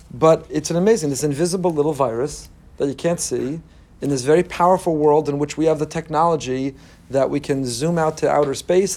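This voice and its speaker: A man, a rabbi giving an emphatic Torah class, reading Hebrew text aloud and translating it. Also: dark tone. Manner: emphatic, rises in pitch when making a point.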